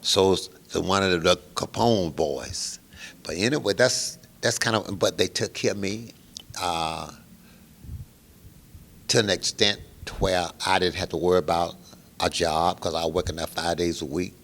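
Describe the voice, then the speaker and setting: Deep-voiced, gravelly older storyteller man. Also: unhurried, slight background noise. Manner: animated storyteller who acts out the other people's lines. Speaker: guest musician. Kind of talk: storytelling interview.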